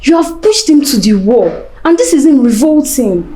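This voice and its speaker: A patient Nigerian sister who keeps gently pleading for calm. Her voice is mellow and slightly high. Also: moderate pace. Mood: soothing. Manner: soothing, pleading. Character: calming younger sister, patient woman.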